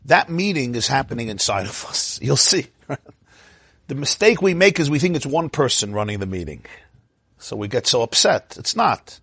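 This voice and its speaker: A man giving an informal Torah lecture in a lively, joking way, acting out inner voices. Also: mid-range voice, normal speed, breathy edge, dry recording. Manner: animated, acts out inner voices, laughs at own jokes. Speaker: Torah class teacher.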